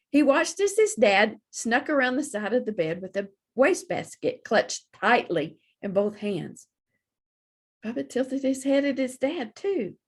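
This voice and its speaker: Woman, children's librarian at storytime; slow, animated reading, faintly husky. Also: on the high side. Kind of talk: children's storytime read-aloud.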